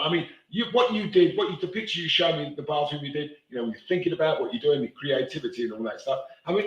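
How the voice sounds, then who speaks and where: A man's voice: on the high side, fairly bright tone. A man telling stories in casual chat, ranting with coarse language. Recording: echoey room.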